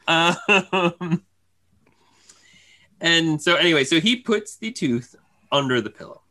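Male co-host, bright and tense in tone, lively anecdote delivery with laughter and quick voice impressions. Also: on the high side. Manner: animated storyteller who laughs and acts out family voices. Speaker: podcast co-host. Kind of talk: casual chat.

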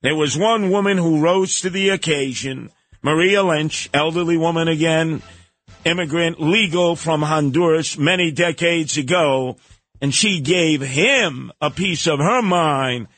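A man's voice: on the high side, a little slow, fairly bright tone, dry recording. Sarcastic New radio host, man. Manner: sarcastic, combative, mocking. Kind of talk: opinionated talk radio monologue.

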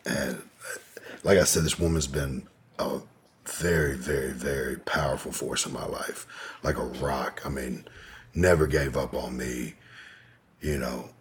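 A man's voice: very deep voice, fairly even intonation, a little slow, breathy edge. A man telling a long personal story as an interview guest, candid and rambling, with frequent profanity and fillers.

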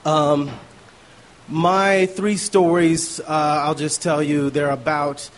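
A man starting his stories on a live stage, pausing with "um" and "uh". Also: a little high, flat delivery, a little hiss or hum. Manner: hesitant, with "um" and "uh". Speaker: storyteller. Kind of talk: live storytelling opening.

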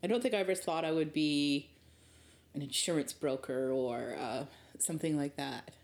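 Low-pitched and a little mellow, this guest speaks at a moderate pace. She's a middle-aged woman from rural Ontario, Canada, reflecting on her early career in an interview, candid and thoughtful, often restarting her sentences.

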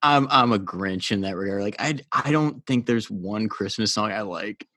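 Low-voiced wry man on a podcast. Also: moderate pace, a bit bright, no room sound, clean studio sound. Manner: wry, self-deprecating, stammers on restarts. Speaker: podcast co-host. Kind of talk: casual sports podcast chat.

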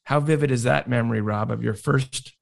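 Gravelly male interviewer. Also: medium pitch. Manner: measured, reads dates from notes. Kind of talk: interview questions.

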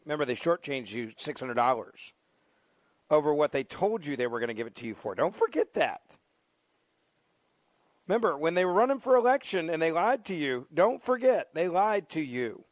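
A man's voice: medium pitch, expressive, normal speed, dry recording. A man hosting a talk radio show, speaking in an emphatic, mocking, repetitive way into a studio microphone.

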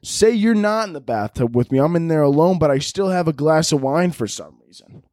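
Crude rambling comedian, dry mic. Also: male voice, on the high side, animated, a little fast, no echo. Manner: crude, rambling, bursts into shouted voices. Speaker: podcast host. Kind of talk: comedic monologue answering listener questions.

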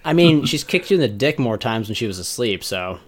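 A man on a podcast panel, dropping crude one-liners with a deadpan delivery. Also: mid-range voice, brisk. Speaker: podcast co-host. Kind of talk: casual crude podcast banter.

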